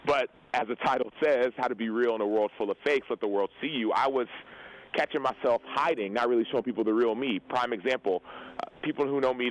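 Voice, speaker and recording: A man's voice: fairly low pitch, fairly bright tone, rough recording. A man in his thirties, a guest on a show, candidly telling personal stories, earnest and reflective, acting out remembered dialogue and often checking in with "right?". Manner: earnest, reflective, retells scenes with quoted dialogue, tags lines with "right?". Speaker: guest, pro football player and author. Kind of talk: candid interview storytelling.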